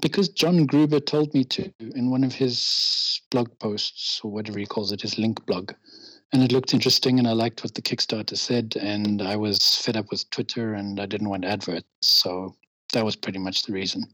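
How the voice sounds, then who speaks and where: A man talks as a podcast guest, chatty and self-deprecating, ready to rant. His voice sits low with a husky edge. The recording is dry and close, with no room sound. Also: steady tone, normal speed, bright, forceful tone, no echo, low-quality recording. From England. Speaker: interview guest. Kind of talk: casual podcast interview.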